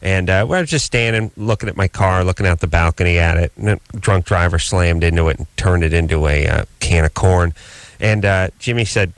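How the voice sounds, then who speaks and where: A man co-hosting a late-night call-in radio show, telling stories in a dry, deadpan way on a studio microphone. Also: fairly quick, no room sound. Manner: dry, deadpan storytelling with lively swings in pitch. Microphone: studio broadcast microphone.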